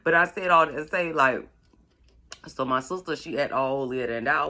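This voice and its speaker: A middle-aged woman from Florida tells a long, rambling story in a casual vlog. Her voice is bright and clear, and she stretches some words out slowly for emphasis as she talks. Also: deep voice. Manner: rambling, chatty, drawls words out slowly for effect. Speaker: vlogger. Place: at home doing makeup.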